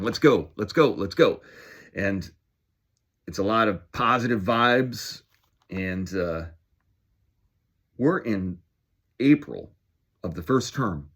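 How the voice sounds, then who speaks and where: A man's voice: fairly low pitch, fairly bright tone, slightly rough. A man in his forties talking in a rambling, self-deprecating, upbeat casual monologue for his vlog. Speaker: vlogger.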